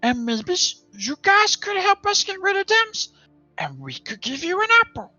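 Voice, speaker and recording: A man's voice: very high voice, wildly swooping pitch, normal speed, sharp tone, no room sound, lo-fi sound, faint music behind, voice pushed up, full character voice. A man voicing a scrappy male goblin who rambles in broken grammar. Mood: wheedling.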